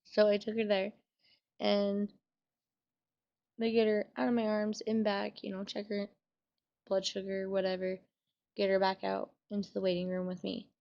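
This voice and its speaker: A woman's voice: mid-range voice, monotone, moderate pace, creaky, long pauses, muffled recording. A young woman telling a sad personal story in a casual vlog, swearing and using many fillers while she fights back tears. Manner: emotional, trying to hold back tears. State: tearful. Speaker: vlogger.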